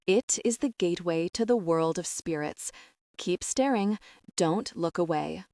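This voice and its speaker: A woman's voice: lowish voice, a little slow, mellow, no room sound, clean studio sound. A woman voicing a wizened old fortune teller who speaks in a solemn, intoning manner.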